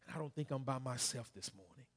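A man preaching a sermon as pastor, calling on the congregation to respond and building to shouted climaxes. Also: medium pitch, quick pace. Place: church sanctuary. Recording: long hall reverb.

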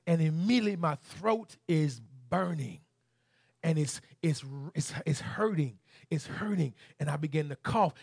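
A man with a Southern US accent preaching a sermon. He shouts scripture, then tells a story in a softer, halting voice. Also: fairly high pitch, gravelly, breathy edge, no echo, studio quality. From Southern United States.

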